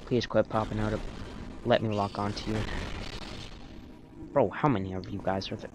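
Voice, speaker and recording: A man's voice: on the low side, fairly even intonation, moderate pace. A man in a put-on British accent gives rambling let's-play commentary and talks to the enemies on screen. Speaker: gamer. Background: game music.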